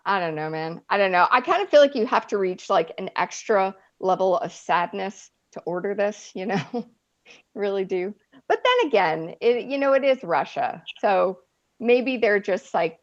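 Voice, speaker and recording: On a dull-sounding recording, an Eastern European comic does her stand-up set in a mid-range voice. She keeps it chatty and pokes fun at herself, frequently laughing at her own material.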